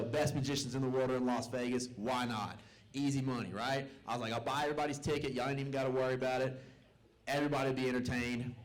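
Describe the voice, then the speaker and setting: Poorly recorded, a young man with a mid-range voice works through a stand-up set at a comedy club, telling family stories with a Southern tinge and doing the voices of his relatives while a live audience listens.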